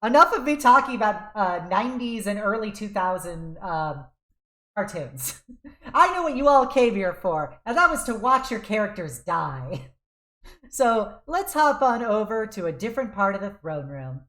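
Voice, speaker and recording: A young woman streamer rambles cheerfully between games, laughing often. Her pitch leaps up and down as she talks, and the sound carries a roomy echo. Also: sing-song, normal speed, a bit bright. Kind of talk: casual chat while gaming.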